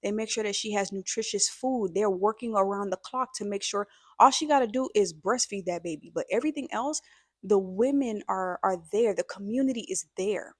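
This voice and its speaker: A woman's voice: medium pitch, moderate pace, dry recording, studio quality, lightly acted. A woman voicing a sympathetic man from a village who earnestly explains how new mothers are cared for.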